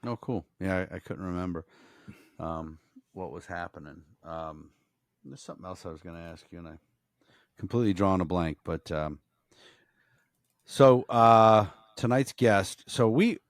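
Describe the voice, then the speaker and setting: A man's voice: low-pitched, normal speed, pauses often, no room sound, clean studio sound. A man co-hosting a podcast, talking casually and rambling with frequent fillers. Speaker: podcast co-host.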